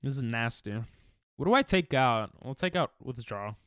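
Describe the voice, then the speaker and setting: A man's voice: mid-range voice, expressive, normal speed, a bit bright, clean tone, no echo, studio quality. A sick, coughing man, casually chatting and joking with his chat while he streams a game. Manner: casual, jokey, reads and answers chat. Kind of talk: live-stream gaming chat.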